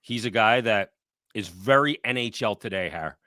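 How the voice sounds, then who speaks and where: A man talks sports on a podcast, blunt and salty, telling his stories with energy. His voice is bright and forceful, recorded close and dry with no room sound. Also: fairly low pitch, moderate pace, dry recording. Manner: blunt, profane, animated storyteller. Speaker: podcast co-host. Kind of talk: casual sports talk.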